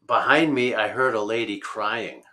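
Guest storyteller: man, lowish voice, bright tone, rambling, lots of fillers. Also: moderate pace. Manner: rambling, many fillers and restarts. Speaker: road-trip traveler guest. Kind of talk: conversational storytelling.

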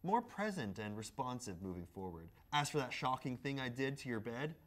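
A man's voice: mid-range voice, lively intonation, moderate pace, a bit bright. A man giving a comedic, mock-grand reading of a written letter from a video. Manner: mock-grand, playful delivery.

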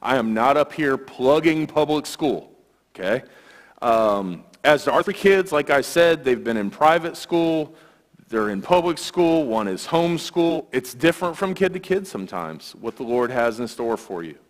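A man's voice: mid-range voice, expressive, moderate pace. A man giving a guest sermon in church, telling stories in a conversational way with filler words. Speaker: guest speaker, youth ministry worker. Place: church sanctuary. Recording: long church hall reverb.

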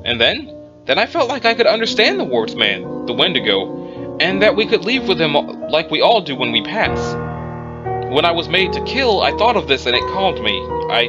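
A man playing a calm male witness quietly recounting his dealings with a monster in a measured voice. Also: a little high, lo-fi sound, over music, pitched above the performer's own voice.

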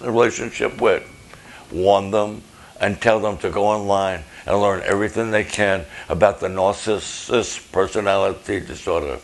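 An older man preaching a sermon as a pastor, passionate and loud, firing off rhetorical questions. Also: fairly low pitch, gravelly.

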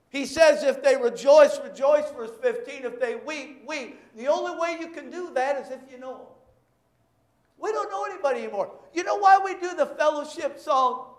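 A male pastor preaching a sermon, telling stories with animated shouted bursts. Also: very high voice, normal speed, echoey room.

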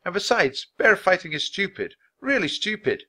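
A man's voice: high voice, big pitch swings, normal speed, sharp tone, voice pushed up, exaggerated voice. A man voicing a cautious, earnest young boy.

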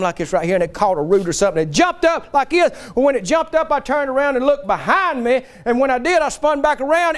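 Man, pastor preaching in church, very high voice, folksy emphatic storytelling. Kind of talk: sermon.

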